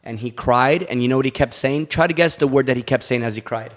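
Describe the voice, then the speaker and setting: Guy on a podcast telling personal stories, pretty open about it, normal pitch. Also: fast talker. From Latin American background. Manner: candid storytelling. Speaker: podcast guest. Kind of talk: casual podcast chat.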